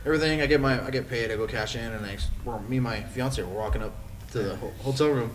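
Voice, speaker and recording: A man telling animated fight stories on a live podcast. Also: mid-range voice, fast. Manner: animated storyteller, quoting others. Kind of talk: casual storytelling chat. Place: restaurant venue, live podcast. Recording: distant mic with crowd noise.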